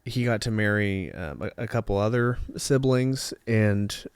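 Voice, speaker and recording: Smooth-voiced young man, halting and reflective. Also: fairly low pitch, expressive, dry recording, studio quality. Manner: halting, repeats words with many "you know"s. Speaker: podcast co-host. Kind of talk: casual chat.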